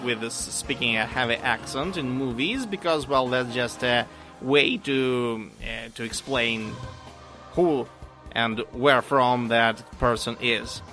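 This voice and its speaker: A man co-hosting a casual podcast, telling stories slowly with dry humor and many pauses and fillers. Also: medium pitch, pushed and bright, soft background music. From Russia. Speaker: podcast co-host. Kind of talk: casual chat.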